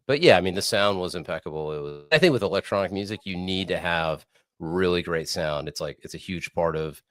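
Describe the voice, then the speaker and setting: A young man co-hosting a casual talk show over a video call, rambling and swearing, his voice hoarse from screaming. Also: low-pitched, brisk. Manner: rambling, profane, laid-back. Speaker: co-host. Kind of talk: casual podcast chat. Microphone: remote video call.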